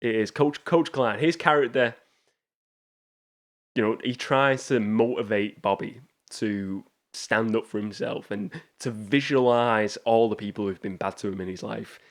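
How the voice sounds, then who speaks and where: A man's voice: lowish voice, unhurried. A man hosting a casual film review show, talking enthusiastically with frequent restarts and rambling asides. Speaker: movie show host.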